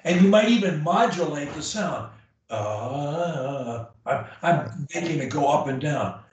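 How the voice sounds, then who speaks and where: A man's voice: on the high side, lively intonation, takes it slowly. A man coaching a client on her speech, blunt and emphatic, repeating key phrases to drive them home. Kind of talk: one-on-one coaching session. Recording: echoey room, far from the mic.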